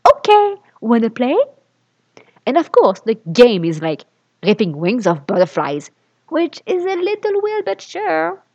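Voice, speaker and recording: A woman's voice: a little high, darkish tone, husky. Sarcastic woman reading a story aloud. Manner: sarcastic, swears in asides, mocks the text. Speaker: reader. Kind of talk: reading fan fiction aloud with commentary. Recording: dull lo-fi recording.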